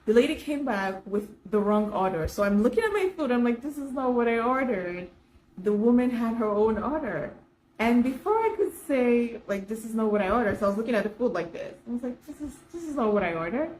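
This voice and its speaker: Animated woman vlogger telling a story. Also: a little high, fairly quick, a little hiss or hum, poor audio. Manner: animated, laughs often while telling stories; talks straight to viewers, warm and chatty. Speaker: self-care coach for professional women. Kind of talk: casual storytelling vlog.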